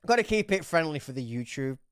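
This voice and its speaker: A woman's voice: deep voice, lively intonation, fast, smooth, dry recording, studio quality. A woman running a tabletop game livestream, chatty and swearing freely as she narrates. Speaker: game master.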